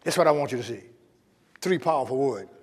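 A man's voice: mid-range voice, expressive, fast, breathy edge, big-room sound. A male pastor preaching a sermon with emphatic call-and-response to his congregation, in a church sanctuary.

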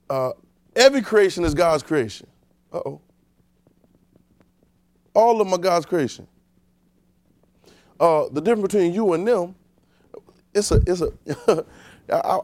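A man's voice: moderate pace, long pauses. Man preaching a loose, conversational sermon. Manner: informal, talks directly to the congregation, swings between low and loud emphasis.

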